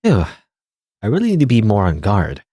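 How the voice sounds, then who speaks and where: Sardonic young captive read by a man, dry mocking delivery, low voice, lively pitch. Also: normal speed, slightly rough, dry recording, full character voice.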